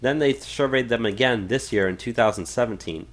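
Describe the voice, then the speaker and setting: A man co-hosting a casual political podcast. He reads quoted passages aloud and talks loosely, with frequent fillers and false starts. His voice sits at a middling pitch. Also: brisk. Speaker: podcast co-host. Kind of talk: casual political talk radio.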